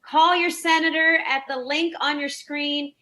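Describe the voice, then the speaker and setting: A woman with a high, bright voice wraps up a rally with quick thank-yous and reminders to call senators. She speaks upbeat and fast over a video call. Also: fairly even intonation. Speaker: rally organizer. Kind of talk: closing announcements.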